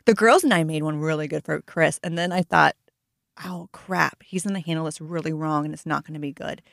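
A woman's voice: low voice, a little fast, gravelly, no echo, studio quality. A woman comedian co-hosting a podcast, chatting in a rambling, easygoing way. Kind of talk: casual chat.

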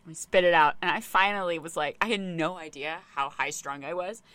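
Animated woman telling a funny parenting story, bright voice, swears a lot. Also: fairly low pitch, a little fast, dry recording. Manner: animated, expressive, swears freely. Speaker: podcast co-host and parent. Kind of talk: casual comedic storytelling.

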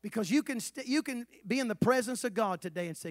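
A man preaching a sermon as pastor in a church, swinging between shouted calls and soft low asides, asking the congregation questions and calling for responses. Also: expressive, fast talker, no echo, clean studio sound. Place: church sanctuary.

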